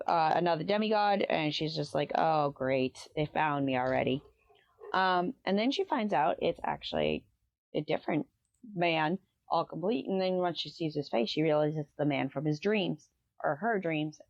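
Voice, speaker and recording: A woman's voice: fairly low pitch, dry recording, muffled recording. A woman hosting a casual book review, retelling the plot in a rambling way with lots of "um" and "like.". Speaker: book review podcast host.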